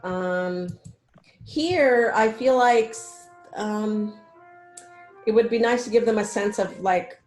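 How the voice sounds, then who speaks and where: A woman's voice: mid-range voice, slow, darkish tone, reverberant, faint music behind. A woman mentoring students in a casual meeting on a video call, rambling with many fillers and often checking that they follow. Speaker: research mentor.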